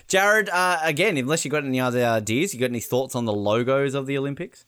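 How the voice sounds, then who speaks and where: A man hosting a casual podcast, jokey and quick to laugh. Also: medium pitch, a bit bright, clear, resonant tone, dry recording, studio quality. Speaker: podcast host.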